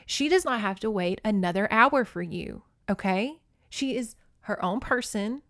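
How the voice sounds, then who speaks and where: A woman's voice: mid-range voice, measured pace, no room sound, studio quality. A woman hosting a podcast, recapping a book in casual, candid talk with plenty of swearing, and acting out the characters as she goes. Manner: candid and profane, with frequent swearing; animated storyteller who acts out the characters' lines. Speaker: podcast host.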